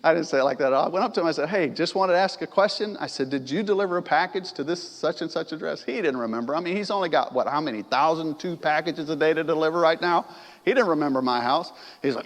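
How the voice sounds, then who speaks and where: A man's voice: a little high, animated, fast talker. A middle-aged man preaching a sermon in a church, talking conversationally and asking the congregation questions. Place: church sanctuary. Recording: long church reverb.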